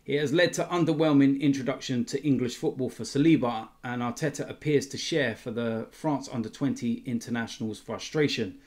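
A man's voice: medium pitch, brisk, hardly any pauses, a little mellow. A man hosting his football fan channel, giving a casual news roundup in a chatty way with frequent ums.

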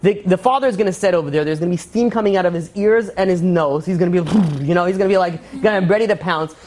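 A man teaches a relaxed religious class, racing through parables about kings and diamonds in a loose, rambling way. He is packed with fillers and restarts, and he slips into quick voices for the characters. His delivery is brisk and chatty, not polished. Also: sits high. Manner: rambling storyteller, many fillers, acts out quotes. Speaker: rabbi. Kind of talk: informal Torah class.

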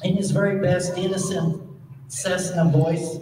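Man telling a pilot story, animated, mimics radio chatter, distant mic, big echoey hall, background noise. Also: high voice. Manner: animated, mimics radio voices, dramatic pauses. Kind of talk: live storytelling to an audience.

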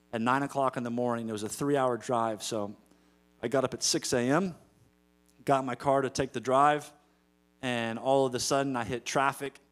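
Energetic preaching pastor, man. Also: mid-range voice. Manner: energetic preaching, rising to loud emphatic calls. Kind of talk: sermon. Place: church sanctuary.

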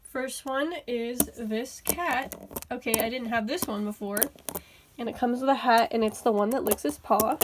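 Excitable woman vlogger, gushing toy-haul unboxing, slightly high voice, faint hiss behind. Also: moderate pace. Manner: gushing, excitable, many "oh my goodness".

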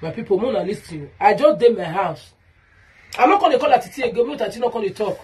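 Heated Nigerian woman, very husky voice. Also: medium pitch, animated, fast, a little mellow. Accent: Nigerian Pidgin English. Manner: heated, repetitive, calls out someone by name. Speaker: vlogger. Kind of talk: ranting vlog monologue.

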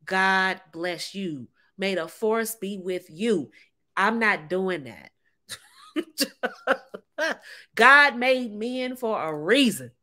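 Bright-voiced sassy woman. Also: mid-range voice, expressive, drawn-out words, long pauses. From United States. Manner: sassy, emphatic, laughs often, addresses viewers as ladies and honey. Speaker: relationship advice vlogger. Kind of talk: casual talk to camera.

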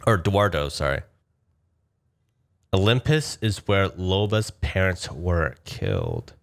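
A man giving casual, excitable commentary over gameplay, talking to his viewers and speculating. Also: sits low, takes it slowly, vocal fry. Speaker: gaming YouTuber.

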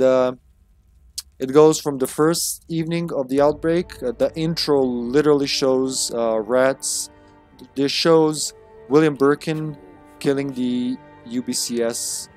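A man's voice: mid-range voice, a little mellow. A man streaming a video game, giving casual, chatty commentary with swearing and laughter. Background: game music.

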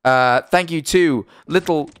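This British livestream host has a fairly high, smooth voice and keeps a measured pace, recorded with no room sound. He chats casually and with animation, lets out the odd swear word, and reads out subscriber names, stumbling over them.

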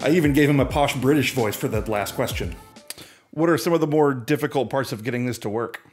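A man presenting a software demo in breezy, upbeat scripted narration that explains things clearly. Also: medium pitch, brisk.

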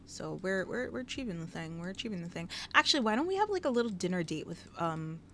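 A woman's voice: on the low side, sing-song, fast talker, bright, forceful tone, slight background noise. Sassy woman scolding her game characters. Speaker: gaming YouTuber. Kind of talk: casual Let's Play commentary. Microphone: headset mic.

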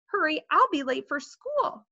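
A woman's voice: high-pitched, very animated, unhurried, creaky, pushed and bright, no echo, pitched above the performer's own voice, full character voice. A woman voicing a sulky, defiant fourth-grade boy, in a dull lo-fi recording.

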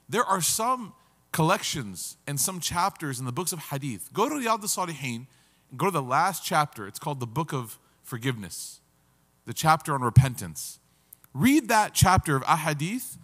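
A man's voice: on the high side, very animated, normal speed, a bit bright. Man teaching in a reverberant hall. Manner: casual, storytelling with humor and rising emphasis. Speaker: religious teacher. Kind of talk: conversational lecture. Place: lecture hall.

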